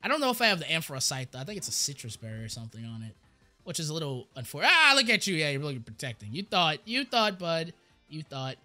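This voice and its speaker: Excitable high-voiced man commentating a game. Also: fast, faint music behind. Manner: excitable, rambling, stammers and repeats words. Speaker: gaming YouTuber. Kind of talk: casual gameplay commentary.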